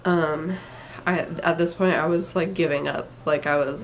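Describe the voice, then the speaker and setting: A young woman talks to camera in a loose, rambling vlog. Her voice sits a little low, and she sounds tired and emotional, with many fillers as she goes. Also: moderate pace. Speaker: vlogger. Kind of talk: casual personal story.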